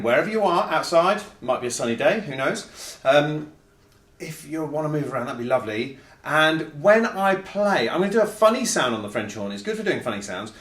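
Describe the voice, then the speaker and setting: A man's voice: a little high, a bit bright. A man leading a children's music lesson, playful and cheerful, asking the young audience questions as he goes. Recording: echoey room, mic at a distance.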